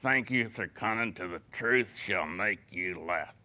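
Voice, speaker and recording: A ventriloquist voicing a cheeky, dim-witted male puppet who teases him with quick comebacks. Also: lowish voice, animated, pushed and bright, pitched below the performer's own voice, full character voice. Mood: wisecracking.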